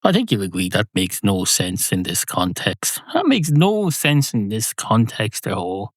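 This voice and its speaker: A man's voice: lowish voice, wildly swooping pitch, unhurried, dry recording. Middle-aged male podcast host, rambling sardonic monologue, dry close mic. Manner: digressive, sardonic, self-correcting.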